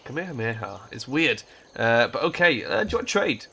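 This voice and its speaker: A man's voice: mid-range voice, very animated, moderate pace, bright, forceful tone, breathy edge. A man hosting a strategy game let's play, casually thinking aloud and swearing now and then. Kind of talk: gameplay commentary.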